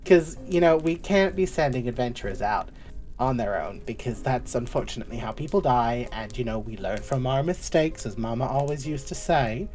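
A woman voicing a warm, slightly unhinged guild clerk who calls everyone love and darling. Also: a bass voice, animated, moderate pace, soft background music. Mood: doting.

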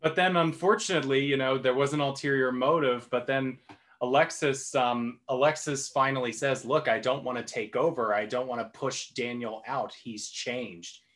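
A man's voice: medium pitch, fairly even intonation, normal speed, a bit bright. A man co-hosting a podcast, recapping an episode with casual enthusiasm. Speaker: podcast co-host. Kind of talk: casual chat.

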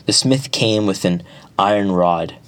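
A man narrating an epic folk tale at a measured pace, with small restarts. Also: fairly low pitch. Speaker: storyteller.

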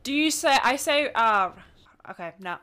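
A young woman from the Philippines with a Filipino English accent with some American to it, co-hosting a podcast in casual, animated chat and often restarting her sentences. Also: high voice, normal speed, clean tone. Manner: animated, laughing, self-interrupting. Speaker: podcast co-host.

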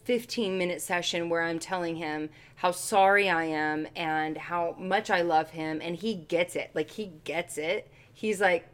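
A woman's voice: lowish voice, measured pace, few pauses. A woman co-hosting a podcast in casual chat, telling stories animatedly and acting out what others said. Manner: animated storyteller acting out quotes. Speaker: podcast co-host.

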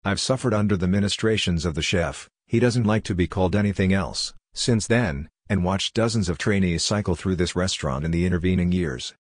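A man's voice: low-pitched, fairly quick, few pauses, no echo. A man voicing a sardonic, teasing talking rice cooker in a storybook reading. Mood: wry. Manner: dry, teasing, chiding.

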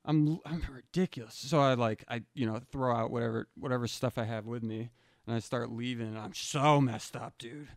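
A man's voice: mid-range voice, steady tone, moderate pace, no echo, clean studio sound. A young man telling a personal story casually, rambling and slangy, saying "dude" often and restarting his sentences.

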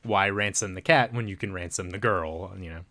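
Podcast co-host, man, lowish voice, dry close mic, chatty recap with lots of "like". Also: bright, forceful tone, no echo. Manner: rambling, filler-heavy retelling with quick voiced quotes. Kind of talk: casual movie recap chat.

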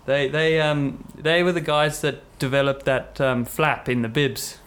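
A man's voice: on the high side, fairly even intonation, measured pace, fairly bright tone. A young man, a podcast guest telling rambling, self-mocking stories with lots of fillers. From South Africa. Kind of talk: casual conversational storytelling.

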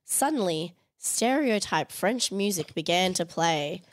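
A woman's voice: lowish voice, lively intonation, unhurried, over music. A woman hosting a podcast, reading a comic story aloud in a playful, giggly way.

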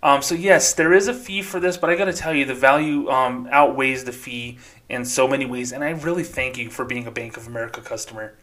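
A man's voice: medium pitch, brisk, fairly bright tone, close to an everyday voice. A man voicing a polite, scripted male bank customer-service rep who reassures and sells. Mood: smooth salesy.

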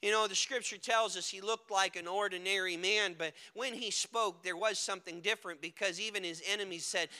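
A male preacher giving a dramatic sermon, moving between hushed and loud delivery. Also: high voice, fairly even intonation, fairly quick, few pauses. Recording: echoey hall with long reverb.

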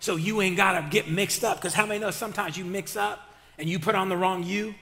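A man's voice: sits high, steady tone, brisk, pushed and bright. A male pastor preaching an impassioned sermon with casual, slangy talk and call-and-response to his church. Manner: colloquial, slangy. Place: church sanctuary. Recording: reverberant hall.

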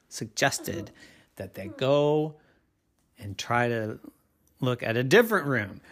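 A woman's voice: extremely low pitch, sing-song, takes it slowly, pauses often, slightly rough. Playful sing-song bedtime storyteller woman. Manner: playful sing-song voice, drops to whispers and echoes. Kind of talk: improvised bedtime story narration.

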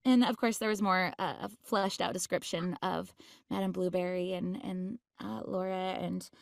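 A woman's voice: fairly low pitch, steady tone, normal speed, gravelly, dry recording. Laughing woman voice actress, dry sound. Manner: bubbly, laughs often, many fillers. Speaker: voice actress guest. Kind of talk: casual interview chat.

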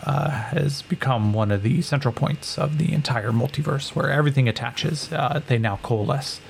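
A man's voice: medium pitch, creaky, slight background noise, close to an everyday voice. A man voicing a cold, calculating female Atlantean scientist who lectures in a clinical, condescending way.

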